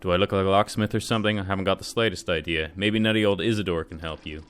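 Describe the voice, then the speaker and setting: A man's voice: low voice, steady tone, fast talker, a bit bright, clear, resonant tone. A man reading video game dialogue aloud as a weary, grumpy older townswoman, brusque and dismissive.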